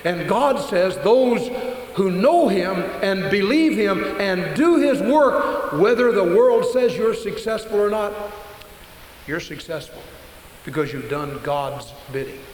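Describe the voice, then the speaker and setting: A man preaching a sermon to an audience, emphatic and slowing down to stress key points. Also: high-pitched, animated. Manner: emphatic, slows down for stress, breaks into acted quotes. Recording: echoey hall with faint hiss.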